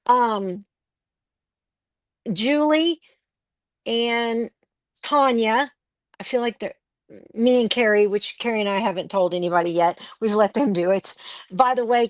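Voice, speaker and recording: Woman, slightly high voice, dry close sound, chatty and rambling, livestream chat. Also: dry recording. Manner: chatty, storytelling, full of fillers and restarts. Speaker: co-host of a crafting livestream.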